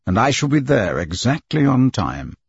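A man voicing a cold, very polite and unflappable English gentleman in an audiobook reading. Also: medium pitch, sing-song, moderate pace, creaky, slightly rough, no room sound, dull audio, heavily acted. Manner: cold and precise.

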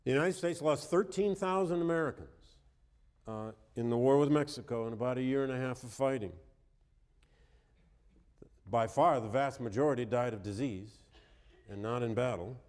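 A man's voice: medium pitch, normal speed, pauses often, a little mellow. A man with a cold giving a history lecture in a wry, conversational manner, reading quotations aloud with emphasis. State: has a cold. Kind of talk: university lecture. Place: lecture hall. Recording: reverberant lecture hall.

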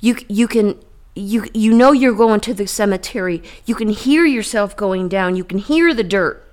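A woman's voice: medium pitch, normal speed, darkish tone. A woman sharing her faith testimony in a vivid, dramatic way, repeating herself and building with rhetorical questions.

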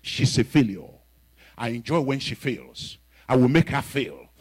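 A spiteful evil spirit mocks the woman it holds, as voiced by a man preaching, with a husky, swinging voice. Each line is scornful and gloating. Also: medium pitch, lively intonation, unhurried. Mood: taunting. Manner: taunting, scornful.

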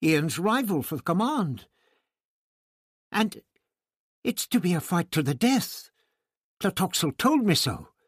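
Guy doing an earnest young woman, high and urgent, kinda breathy. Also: sing-song, takes it slowly, long pauses, no echo, studio quality, exaggerated voice. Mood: alarmed. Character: young adult woman teacher, earnest, self-doubting.

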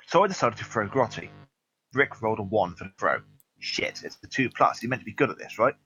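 A man's voice: on the low side, very animated, brisk, a bit bright, highs cut off, slight background noise. A man co-hosting a podcast, wryly recounting a tabletop game match. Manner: wry, quotes his own thoughts. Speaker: podcast co-host. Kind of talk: casual chat recapping a tabletop game.

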